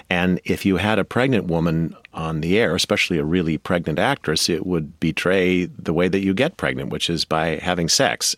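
A man with a very deep voice tells stories as a radio interview guest. He speaks animatedly, close and dry. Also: a bit bright, no echo. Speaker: guest author.

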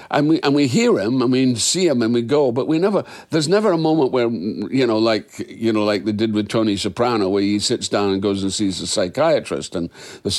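A man, an actor, talking frankly and reflectively in an interview, now and then with a soft laugh. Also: mid-range voice. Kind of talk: candid interview conversation.

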